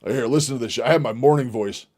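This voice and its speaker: Man, livestream host, casual rambling chat, profane, excitable. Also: mid-range voice, fast talker.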